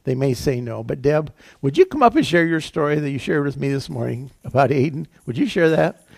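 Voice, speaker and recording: A man's voice: on the high side, lively intonation, brisk, gravelly, darkish tone, dry recording, studio quality. A male pastor giving a conversational, folksy sermon in church, chuckling between points.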